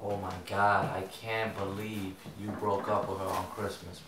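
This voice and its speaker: A man's voice: low voice, little pitch movement, measured pace, very noisy. An actor playing an exasperated man who lectures a younger relative to get his life together and mentions his own son, in a short film. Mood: lecturing. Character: exasperated older brother figure, father of a son. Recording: roomy echo, distant mic.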